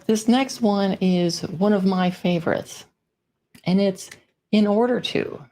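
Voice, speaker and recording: A woman speaking at an unhurried pace, taking her time over each point. She gives a friendly, informal conference talk with example sentences. Her pitch sits in the middle of the range. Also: a little mellow. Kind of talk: presentation talk on writing.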